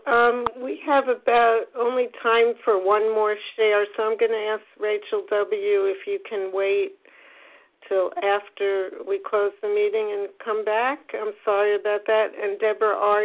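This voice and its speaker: A woman chairing a phone support meeting, polite and brisk, calling on speakers. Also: mid-range voice, flat delivery. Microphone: phone call. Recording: phone-line audio.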